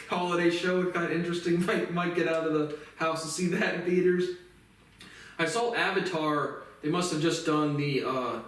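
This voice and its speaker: A man's voice: on the high side, fairly bright tone. Profane rambling man in an echoey room. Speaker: podcast host. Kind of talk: casual solo monologue. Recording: echoey room, mic at a distance.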